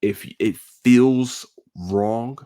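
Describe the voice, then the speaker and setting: A man's voice: mid-range voice, steady tone, drawn-out words, dark tone, clean tone. A young man hosting a casual solo podcast, talking in a heated, rambling way, full of slang and restarts. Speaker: podcast host.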